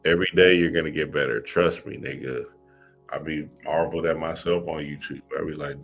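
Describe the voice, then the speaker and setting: A man's voice: very deep voice, steady tone, moderate pace, gravelly, a bit bright, faint music behind. A man giving a loose, profane, street-casual motivational talk on spiritual self-help, with frequent restarts.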